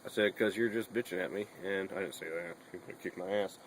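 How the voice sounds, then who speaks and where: A man's voice: low voice, brisk, a little hiss or hum, poor audio. A young man chatting casually in a bedroom vlog, rambling and swearing a lot between fillers. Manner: rambling and profane, with many fillers.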